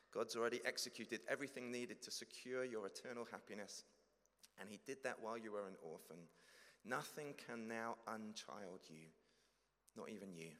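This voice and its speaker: A man with a low voice preaches an earnest sermon, leaning hard on key words and slowing for emphasis. His voice carries the long reverb of a large church hall. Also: fairly bright tone. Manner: earnest, emphatic, slows for stress. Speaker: pastor.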